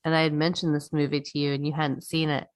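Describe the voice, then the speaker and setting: A woman's voice: low voice, little pitch movement, fast talker. Laughing, foul-mouthed podcast woman. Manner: swears freely, laughs often. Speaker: podcast co-host. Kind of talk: casual chat.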